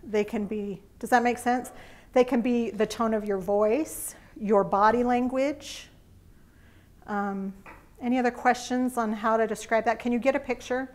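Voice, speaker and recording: A woman's voice: on the high side, steady tone, measured pace. A woman teaching a faith-based parenting class to a live group, earnest and heartfelt in a conversational way.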